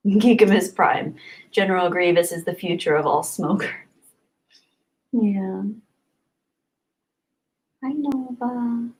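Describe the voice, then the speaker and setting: A woman's voice: mid-range voice, slow, pauses often, a little mellow. A woman streamer chatting casually with her viewers, reading their comments aloud, rambling and giggling often. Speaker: live streamer.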